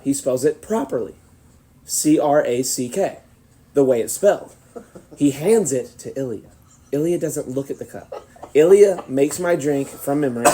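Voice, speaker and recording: A man's voice: medium pitch, dark tone. A young man hosting a podcast, telling a long rambling anecdote with frequent laughs in a casual chat. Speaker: podcast host.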